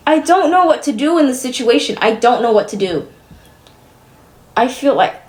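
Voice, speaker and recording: A young woman streaming live grumbles to her chat in a profane, exasperated manner, switching between loud disbelief and tired muttering. Her voice sits high, and she speaks a little slowly with long pauses.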